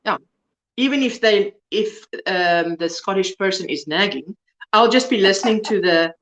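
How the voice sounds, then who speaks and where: A woman's voice: medium pitch, normal speed, a bit bright, echoey room. A woman hosting a casual crochet livestream, chatting and reading viewer comments aloud while she works. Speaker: livestream host.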